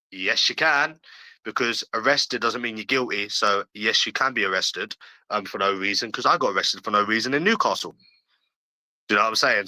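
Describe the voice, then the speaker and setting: A man's voice: medium pitch, bright, forceful tone, dry recording, poor audio. A man ranting on a livestream, talking bluntly and profanely and repeating himself, while addressing viewers in chat. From London, England.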